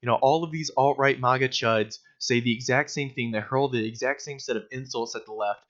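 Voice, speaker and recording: A man's voice: medium pitch, steady tone, brisk, fairly bright tone. A young man giving casual, sarcastic video commentary, mocking his target with lots of fillers. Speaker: political commentator. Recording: dull lo-fi recording.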